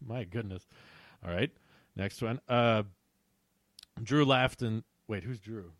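A man's voice: fairly low pitch, takes it slowly, fairly bright tone, no room sound, studio quality. A young man reading a story he wrote as a child and commenting on it, amused and laughing at his own writing.

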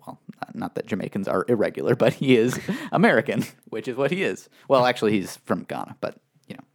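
A man's voice: medium pitch, sing-song, quick pace, gravelly. A man co-hosting a casual podcast, explaining at length in a chatty way with many fillers. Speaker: podcast co-host. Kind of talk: casual wrestling chat.

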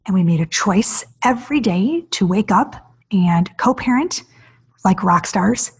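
A woman in her forties hosting a podcast, telling her own story in an animated, emotional way. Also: a little slow, husky. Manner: animated, acts out quoted voices with big pitch jumps; emotional, near tears. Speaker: podcast host. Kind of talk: personal storytelling monologue.

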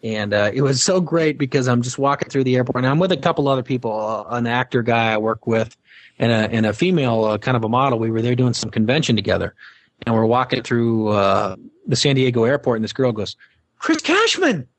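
A man's voice: mid-range voice, quick pace, dry recording. A middle-aged man, a former game show host, telling stories as an interview guest with many fillers and restarts. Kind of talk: casual interview anecdote.

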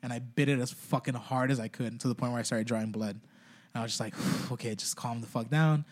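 Male guest, talks fast, rambling and profane, casual podcast chat. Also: medium pitch, level tone. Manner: rambling, heavy swearing, many "like" fillers.

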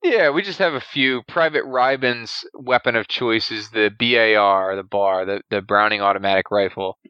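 Male co-host, lowish pitch, bright and crisp, explanatory and eager; dry, slightly dull mic. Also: moderate pace, no echo. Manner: explanatory, gun-knowledgeable, enthusiastic. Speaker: podcast co-host. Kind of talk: casual movie discussion.

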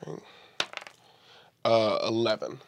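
A man playing a tabletop game, hesitant and halting, with many fillers. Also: on the low side, gravelly, a little hiss or hum. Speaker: player.

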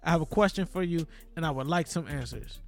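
Loud, animated man with a high voice. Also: fast talker, over music. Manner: loud, profane, animated, puts on voices for skits. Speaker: podcast co-host. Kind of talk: casual sports chat.

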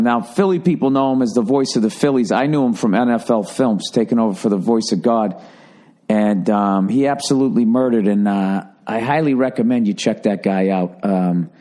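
A middle-aged man from the Boston area hosting a podcast, telling a rambling, profanity-laced story in a casual monologue. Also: on the low side. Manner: profane, rambling, animated when doing quoted voices. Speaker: podcast host.

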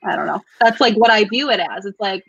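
A woman chatting casually as a guest, quick and agreeable. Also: mid-range voice, animated, creaky, slightly rough, dry recording. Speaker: guest, new show host. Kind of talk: casual chat. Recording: dull muffled audio.

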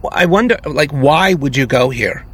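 A man's voice: a little high, expressive, normal speed, a bit bright, breathy edge. A young adult man co-hosting a podcast, chatting casually and often cutting in with asides. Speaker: podcast co-host. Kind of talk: casual chat.

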